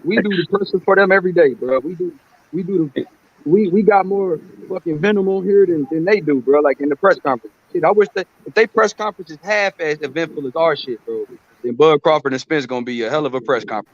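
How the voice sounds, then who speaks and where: A man's voice: on the high side, fast, dull audio. A man co-hosting a casual boxing chat, slangy and joking. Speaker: podcast co-host.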